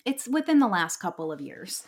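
A woman's voice: mid-range voice, big pitch swings, normal speed, husky. An American woman co-hosting a podcast in a casual chat, emphatic and gushing, restarting her sentences often. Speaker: podcast co-host.

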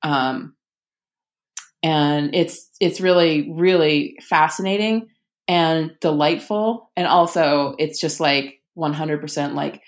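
A woman with a slightly low voice speaks as an interview guest. She talks in a loose, conversational way, restarting sentences and dropping in ums as her enthusiasm builds. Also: fairly even intonation, takes it slowly. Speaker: author and podcast guest.

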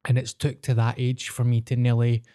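A Glaswegian man in his mid-thirties, co-hosting a podcast in relaxed, foul-mouthed chat. He tells stories about his family and drops into flat, drawling impressions of relatives. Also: medium pitch, a little fast. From Scotland. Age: 30s. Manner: sweary storyteller, mimics relatives in a flat drawl. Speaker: podcast co-host.

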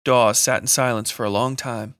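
A man narrates a scripted horror story with steady, measured pacing. His voice is mid-pitched and bright with a forward edge. The recording is dry and close, with no room echo. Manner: steady, measured dramatic reading.

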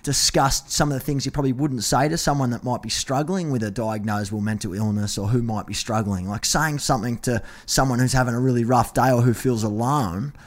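A man's voice: mid-range voice, brisk, hardly any pauses. A man hosting a podcast, replying to his guest in a supportive, conversational way. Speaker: podcast host. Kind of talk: interview conversation.

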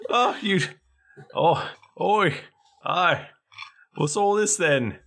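Slow, bright-toned alien goo boss in a dodgy British accent, put on by a game master, smug and sly. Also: medium pitch, creaky, heavily acted. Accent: put-on British with Aussie slips. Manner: smug, drawling, says "mate". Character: taunting male alien goo-creature leader. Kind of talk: tabletop role-play.

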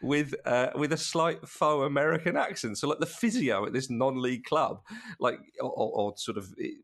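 A man talking about a film in a casual podcast chat, lively and full of restarts. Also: mid-range voice, moderate pace. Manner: animated, with many restarts and laughs. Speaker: podcast co-host.

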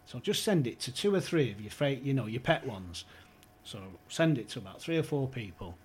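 On a podcast, a male guest tells a funny football story, laughing often and acting out the quotes as an animated storyteller. His mid-range voice is a little fast and slightly rough.

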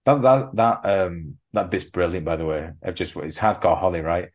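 A man co-hosting a wrestling podcast in casual chat, rambling and jokey with quick asides. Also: low voice. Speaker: podcast co-host.

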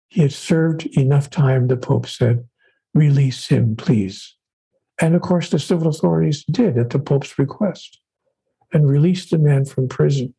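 An older man, an author and spiritual teacher, telling stories in an interview in a measured, preacherly way that drops low and soft for quoted lines. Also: gravelly, slightly rough. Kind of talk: interview, storytelling.

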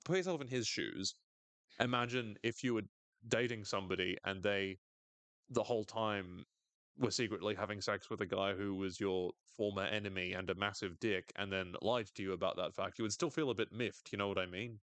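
A British man co-hosts a podcast, casually recapping a TV episode with plenty of jokes and swearing. His voice sits on the low side and moves fairly quickly, and the recording is dry. He comes across as animated and sweary, joking often.

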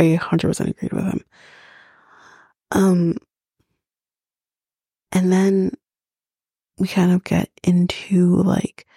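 A woman's voice: on the low side, creaky, mellow, husky, no echo, studio quality. A woman hosting a podcast, recapping a reality show in a blunt, chatty way with plenty of swearing. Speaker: podcast host.

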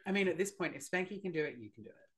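A podcast co-host chats casually. The voice swings widely in pitch, full of teasing one-liners. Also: animated, very fast, a bit bright. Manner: wisecracking, teasing. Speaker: podcast co-host recapping a TV show. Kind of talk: casual chat.

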